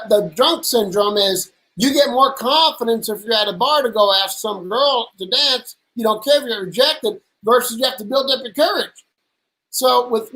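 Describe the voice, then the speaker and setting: A man hosting a casual lunch conversation, an energetic storyteller who acts out the people he quotes in animated voices. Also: extremely high pitch, poor audio. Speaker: host. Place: at a lunch table.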